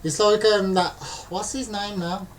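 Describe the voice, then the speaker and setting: Man, casual co-host, animated storyteller, distant mic with faint noise. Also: high voice, measured pace. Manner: animated storyteller, mimics people in exaggerated voices. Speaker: podcast co-host. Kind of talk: casual chat.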